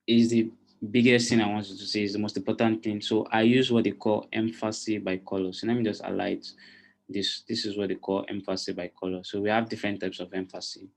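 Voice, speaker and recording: On the low side with little pitch movement and some vocal fry, this man speaks a little fast. He's teaching a live online design class, explaining step by step and repeating questions to check his students' understanding.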